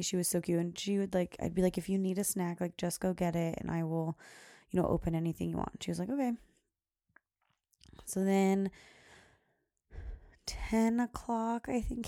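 Gravelly low-voiced woman telling a story. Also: mellow, dry recording, clean studio sound. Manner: rambling, many "like" fillers, quotes herself. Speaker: podcast host. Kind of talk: casual storytelling monologue.

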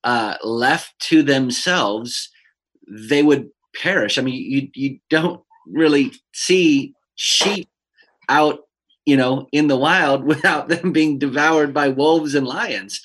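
A man, a pastor who preaches on Sundays, talking earnestly and personally about a psalm in a relaxed discussion. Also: medium pitch, slow, breathy edge. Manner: earnest, personal, with fillers and restarts. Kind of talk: conversational Bible discussion.

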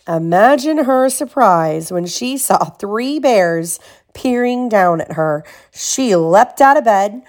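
A young mother reads a bedtime picture book aloud, her voice swooping up and down with lively expression. She gives the story a playful, animated read, pitched at a middle level for a woman.

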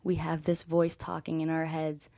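A young woman, a guest on an interview show, telling her story with lively energy and acting out what people said. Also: low voice, normal speed, creaky, no echo. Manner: animated storyteller, acts out quoted dialogue, frequent "like". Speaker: guest, former college softball player. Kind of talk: conversational interview.

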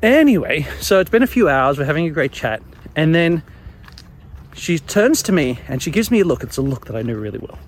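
A young man telling his own embarrassing stories in a casual, animated way, chuckling along as he goes. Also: a little high, fairly quick, a little hiss or hum. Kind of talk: casual storytelling monologue.

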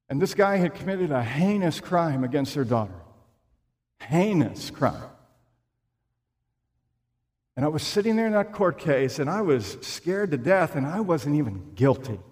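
A man preaching a sermon in a church, slow and emphatic, with dramatic pauses. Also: on the high side, darkish tone. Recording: long reverb of a large room.

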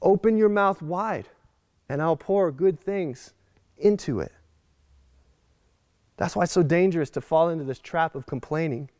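High-voiced pastor preaching a sermon. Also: male voice, a little slow, long pauses, no echo, studio quality. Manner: animated, acts out quoted voices.

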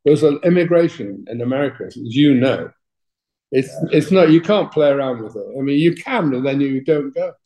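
An older Englishman speaks with a soft, mellow tone and an English accent. He tells blunt, colourful stories about his years in music management. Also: medium pitch, lively intonation, brisk, a little hiss or hum, rough recording. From England. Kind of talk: interview anecdotes.

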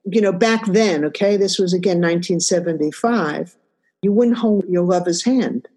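Older woman, reflective personal storyteller, chatty and unhurried recollections. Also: on the low side, warm tone. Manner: reflective, conversational, frequent "you know". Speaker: interviewee.

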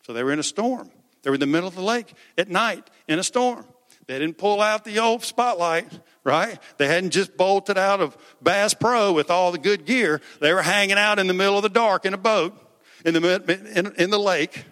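A man preaching a conversational, animated sermon with jokes in a church. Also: high voice, moderate pace, long reverb tail. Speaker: pastor. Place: church sanctuary.

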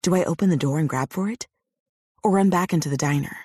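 A woman narrating a novel in the first person, with a measured, intimate reading on a close studio mic. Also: sits low, warm tone, slightly rough, dry recording. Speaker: audiobook narrator.

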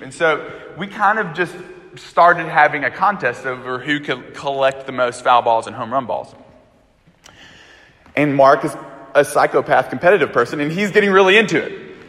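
A pastor delivers his sermon like a chatty story told to friends, animated and loose. His man's voice sits fairly high for a man. The sound carries a long echo from a large hall. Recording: echoey hall.

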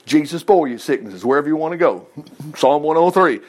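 A man's voice: a little high, a little fast. A man preaching a folksy sermon, acting out the Bible characters as he reads.

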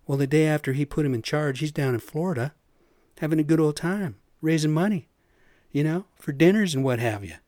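A man's voice: on the high side, brisk, a little mellow, dry recording, clean studio sound. A man hosting a podcast, ranting casually with lots of "man" and "you know". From US Pacific Northwest. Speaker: podcast host; construction superintendent. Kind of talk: casual rant.

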